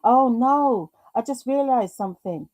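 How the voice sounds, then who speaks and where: Chatty British woman, lively pitch. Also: unhurried, no room sound. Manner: chatty, reads chat aloud, talks to herself through tech glitches. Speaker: live stream host. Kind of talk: chatty live craft stream.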